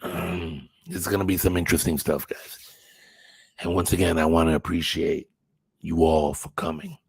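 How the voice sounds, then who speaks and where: There's no room sound around this man's low, gravelly, husky voice, delivered flatly at a moderate pace. He hosts a casual livestream, reading live chat, rambling, thinking aloud and occasionally swearing.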